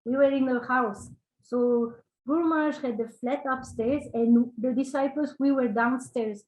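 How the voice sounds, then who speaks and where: A woman tells personal stories as an interview guest, her voice sitting a little high. She talks in loose, conversational bursts. She often restarts and tacks questions onto her sentences. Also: steady tone, moderate pace, darkish tone, rough recording. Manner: tells anecdotes with tag questions and frequent restarts.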